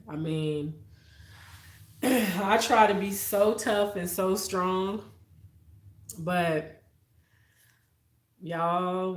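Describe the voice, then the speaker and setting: A woman hosts a casual livestream in a chatty, heartfelt way, addressing her viewers directly. Her voice sits a little low for a woman. The room gives it a clear, roomy echo. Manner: chatty and heartfelt, talks straight to viewers as y'all. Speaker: livestream host. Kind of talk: casual live-stream chat with viewers.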